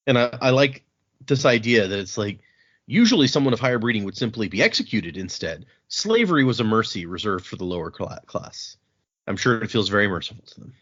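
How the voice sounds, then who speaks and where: A man hosting a podcast, recapping chapters in a casual, animated way with frequent laughs and restarts. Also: fairly low pitch, a little fast, slightly rough. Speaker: podcast host recapping a book. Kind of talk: casual book-club chat. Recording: dull lo-fi podcast audio.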